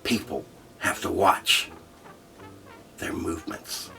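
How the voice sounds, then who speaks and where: A man hosting a comedy show, telling a profane story in a brash, loud way. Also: lowish voice, lively intonation, normal speed, soft background music. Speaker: host. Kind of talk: comedic monologue.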